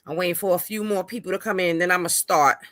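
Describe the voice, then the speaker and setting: A woman's voice: lowish voice, fast talker, fairly bright tone, no room sound. A woman hosting a casual livestream. She greets her viewers by name and stresses her points by repeating words. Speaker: livestream host. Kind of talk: casual live-stream chat.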